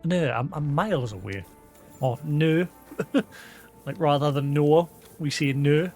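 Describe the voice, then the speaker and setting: A man's voice: a little high, measured pace, darkish tone, soft background music. A man with a Geordie accent chatting loosely on a live gaming stream, rambling with lots of "like" fillers and poking fun at himself. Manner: rambling and self-deprecating, with frequent "like" fillers. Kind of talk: casual live-stream chat while gaming.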